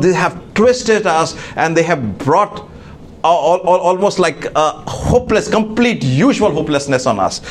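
Halting male preacher, slightly high voice. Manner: halting, many fillers and restarts. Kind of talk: sermon. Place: church.

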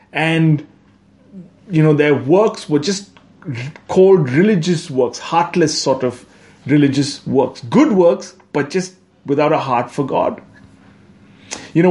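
Conversational male preacher, fairly high voice. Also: a little mellow. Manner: conversational, frequent "right?" asides, self-corrections. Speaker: pastor. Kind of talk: sermon.

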